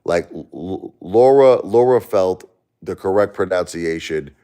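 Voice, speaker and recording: Brooklyn-accented livestream host, deep voice, animated and rambling in casual chat. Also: male voice, a little slow, smooth. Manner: animated, rambling storyteller who repeats himself. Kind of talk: casual chat answering viewers.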